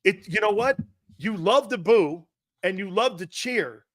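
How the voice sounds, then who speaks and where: An older man, a former college football player, co-hosting a sports talk show and telling stories with loud acted-out quotes and plenty of swearing. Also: high voice, a little slow, no echo, clean studio sound. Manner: excitable, profane, acts out quotes loudly. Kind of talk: animated sports talk and storytelling.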